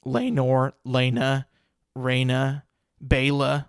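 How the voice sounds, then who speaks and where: A man's voice: medium pitch, normal speed, fairly bright tone, no room sound, studio quality. Rambling, profane young male podcast host. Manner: rambling, profane, many fillers and restarts. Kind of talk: solo podcast rant.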